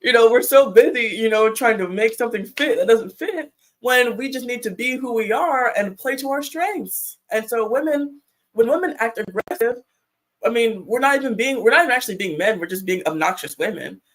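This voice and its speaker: A woman's voice: on the high side, lively intonation, moderate pace, low-quality recording. Chatty woman telling a story on a panel. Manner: chatty storyteller with many fillers. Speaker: panel guest. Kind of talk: casual panel discussion.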